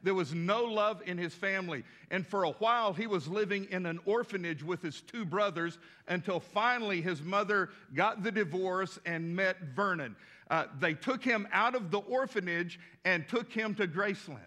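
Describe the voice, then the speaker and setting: A pastor, telling folksy anecdotes in an animated storytelling sermon. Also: male voice, high-pitched, moderate pace. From West Texas. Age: 60s.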